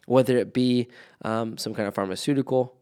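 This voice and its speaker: A man's voice: medium pitch, steady tone, fairly quick, mellow, clean tone. A man who works in movement therapy, explaining an assessment framework in a methodical, step-by-step way. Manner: methodical, lists terms step by step. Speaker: movement practitioner. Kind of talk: conversational explanation.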